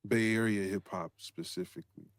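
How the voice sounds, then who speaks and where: A man interviewing a guest on a podcast, asking calm, curious questions. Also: lowish voice, normal speed, background noise.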